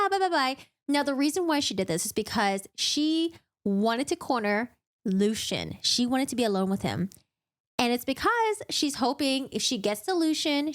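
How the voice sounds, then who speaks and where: A woman giving a casual, chatty book recap full of joking asides. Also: on the high side.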